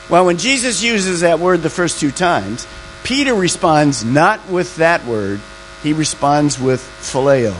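A man's voice: on the high side, big pitch swings, measured pace, fairly bright tone, a little hiss or hum, low-quality recording. A man pastor preaching a sermon, stretching out key words for emphasis.

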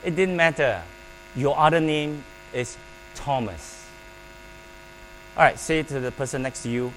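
Guy preaching a sermon, kinda high voice, slow emphatic delivery, faint hum behind. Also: rough recording. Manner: emphatic, with pauses and call-and-response prompts.

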